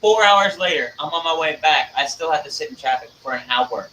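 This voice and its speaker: Co-host, male, dry wry delivery, bright voice, roomy distant sound. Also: on the high side, lively intonation, a little fast, slight background noise. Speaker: podcast co-host. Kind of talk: casual chat. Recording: echoey room, distant mic.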